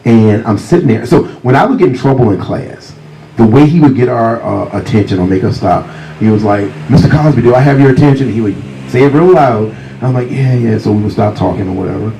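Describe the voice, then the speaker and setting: A man with a deep voice telling humorous anecdotes as a guest author at a library talk, speaking close to a handheld mic. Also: brisk, slight background noise, low-quality recording. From Virginia, USA. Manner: warm, humorous anecdotes, often laughing. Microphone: handheld mic close to mouth.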